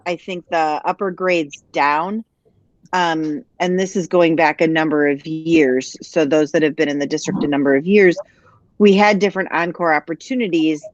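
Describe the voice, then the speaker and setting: A woman on a school planning call, speaking in a thoughtful, measured way. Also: sits low, no echo, muffled recording. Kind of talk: planning group discussion.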